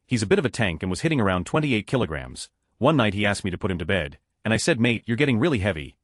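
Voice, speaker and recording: Fast-talking low-voiced male story narrator. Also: very animated, no echo, studio quality. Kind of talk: scripted narration of online stories.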